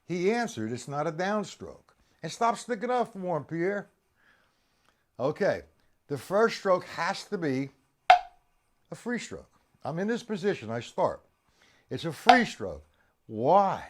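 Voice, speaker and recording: A man's voice: on the high side, big pitch swings, a little slow, long pauses. A man teaching a drum lesson on a live stream, quizzing and teasing his students by name.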